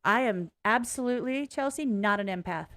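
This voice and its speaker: A woman's voice: fairly high pitch, expressive, normal speed, a bit bright. A woman talking frankly and bluntly as the host of a reaction video, rambling, swearing and interrupting herself. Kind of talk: casual personal commentary.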